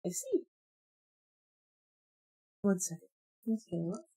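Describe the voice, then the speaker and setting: A woman in her forties chatting casually on a live stream, telling stories in an animated way and laughing often. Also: medium pitch, slow pace, breathy edge. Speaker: streamer and comic artist.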